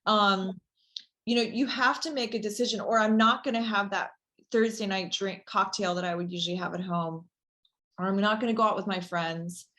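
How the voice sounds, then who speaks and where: A woman's voice: steady tone, moderate pace, a bit bright. Chatty woman explaining her routine. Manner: chatty, many fillers, enthusiastic pitch. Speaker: company founder, interview guest. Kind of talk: casual interview conversation.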